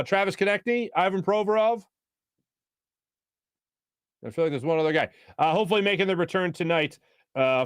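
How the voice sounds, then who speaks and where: A man's voice: on the high side, clear, resonant tone, no echo, studio quality. A man, hosting a sports talk show in a chatty, joking way, reading viewer comments and laughing often. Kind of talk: casual live-stream chat reading viewer comments.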